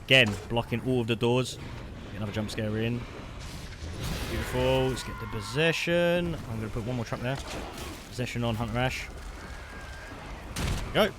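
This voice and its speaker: A man giving live commentary over his gameplay, chatty and excitable, calling the listener mate. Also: medium pitch, fairly quick. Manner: excitable, bursts into loud shouts at big plays. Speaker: gaming streamer. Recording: noisy background.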